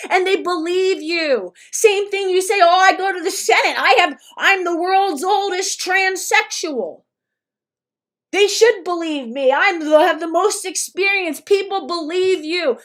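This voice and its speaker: Woman with a very high voice, an angry profane direct-address rant full of stumbles and restarts. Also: a bit bright.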